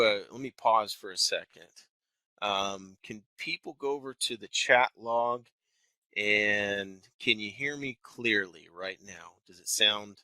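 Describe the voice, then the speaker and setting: Hosting a live webinar from his office building, a Texan wealth manager in his thirties talks conversationally with careful enunciation and a faint twang. His voice is on the low side, pushed and bright. The audio is poor and dry.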